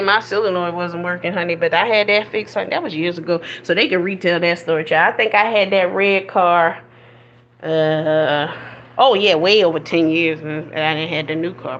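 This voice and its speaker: A woman's voice: on the low side, fairly even intonation, moderate pace, a bit bright, highs cut off, a little hiss or hum. A middle-aged woman with a Southern American accent talks to her live chat in a sassy, playful way. She ribs her viewers and answers their comments as she goes. Her voice comes through a phone she holds in her hand. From northern United States. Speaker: live-stream comedy host. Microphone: phone held in hand.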